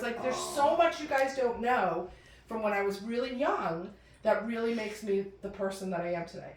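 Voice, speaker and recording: A middle-aged woman doing stand-up storytelling in a chatty, animated way, jumping into high voices when she quotes people. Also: slight background noise. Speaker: comedian telling a personal story. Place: room with a live audience. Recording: roomy, distant mic with faint ambience.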